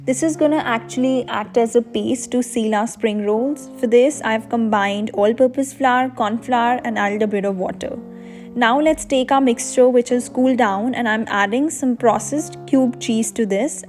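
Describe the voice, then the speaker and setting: A woman's voice: a little high, moderate pace, a little mellow, faint music behind. A young woman, host of a cooking channel, explaining a recipe step by step in a voice-over.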